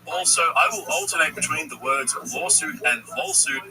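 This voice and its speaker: A man's voice: fairly high pitch, normal speed, distant mic, crowd noise, low-quality recording. A man narrating a scripted commentary video in a sarcastic, mocking tone, with careful legal disclaimers. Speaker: commentary channel host.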